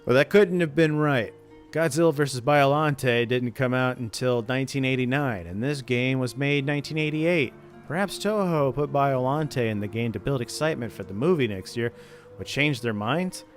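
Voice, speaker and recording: Over soft background music, a man with a mid-range voice reads a creepypasta for his channel at a moderate pace. It's a casual read-aloud, interrupted now and then by his jokes and laughter.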